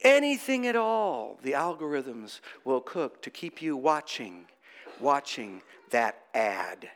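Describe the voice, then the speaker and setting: A man preaching a conversational sermon, asking the congregation rhetorical questions and talking in an animated way. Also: medium pitch, slow. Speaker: priest.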